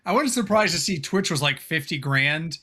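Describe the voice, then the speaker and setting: A man co-hosting a podcast, tossing in wry, quick remarks during casual chat. His voice is bright and forward, pitched a little above the usual male range. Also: expressive, breathy edge. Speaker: podcast co-host.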